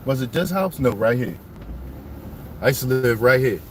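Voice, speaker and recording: A man telling his life story to viewers as he drives around his old city neighborhood, animated and full of street slang. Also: mid-range voice, moderate pace, slight background noise.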